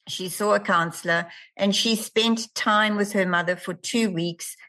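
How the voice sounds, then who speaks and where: A woman's voice: medium pitch, fairly even intonation, measured pace, bright, forceful tone. A woman with a South African accent, a palliative care nurse hosting an interview and telling stories in an earnest, emphatic way. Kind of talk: conversational interview.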